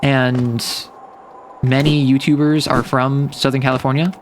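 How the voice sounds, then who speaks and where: A man's voice: medium pitch, little pitch movement, measured pace, slight background noise. A man chatting casually while streaming a game, rambling and saying "like" often. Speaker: VTuber streamer. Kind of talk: casual gameplay stream commentary.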